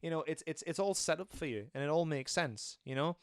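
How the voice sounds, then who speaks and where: A man's voice: fairly high pitch, fairly quick, dry recording, clean studio sound. A man in casual chat about a film, retelling scenes and acting out the characters' lines. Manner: animated storytelling, acting out scenes. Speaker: film reviewer.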